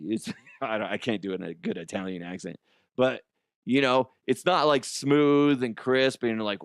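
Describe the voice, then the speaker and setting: A man's voice: medium pitch, normal speed, gravelly, dry recording, clean studio sound. A man hosting a comedy podcast, rambling through a crude monologue, giggling and swearing.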